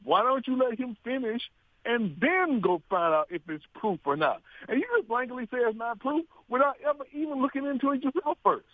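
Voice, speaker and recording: A man's voice: extremely high pitch, a little fast, no room sound. A man chatting on a political talk radio show, emphatic, laughing often and asking rhetorical questions. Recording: dry tinny phone-like radio sound.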